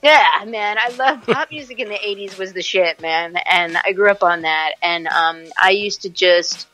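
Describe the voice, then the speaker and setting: Lively fortyish woman chatting in an interview, bright tone, acts out bits of her stories, soft music behind. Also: mid-range voice, moderate pace, rough recording. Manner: animated storyteller, laughs often, acts out quotes. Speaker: actress and musician guest. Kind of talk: casual interview chat.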